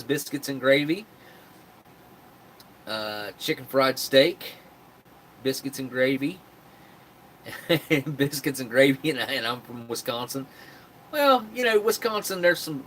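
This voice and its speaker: A man from West Virginia runs a casual live stream, rambling along and reading what viewers write in. His voice is mid-range and somewhat bright, with faint hiss or hum in the background.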